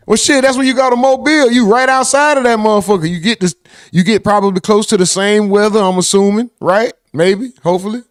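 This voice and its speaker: A man's voice: high voice, steady tone, a little fast, no room sound, clean studio sound. A man hosting a casual livestream, reading chat messages aloud and bantering in loose, profane talk.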